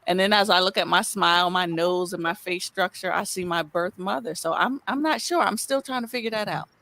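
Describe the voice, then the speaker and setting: A woman with a raspy voice co-hosting a talk show, reflecting in casual chat. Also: lowish voice, a little fast, fairly bright tone.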